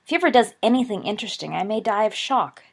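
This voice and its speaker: A woman's voice: mid-range voice, expressive, quick pace, gravelly, slightly rough, voice pushed up. A woman voicing a cocky, scornful schoolboy wizard of about eleven in an audiobook. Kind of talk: audiobook character voice.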